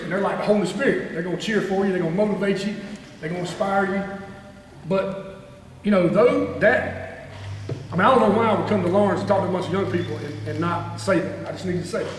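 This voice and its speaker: A middle-aged man, a former head coach giving a rambling, folksy motivational talk at a club meeting. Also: high voice. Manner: folksy storytelling, rambling with restarts. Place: banquet room. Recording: echoey hall, distant mic, faint noise.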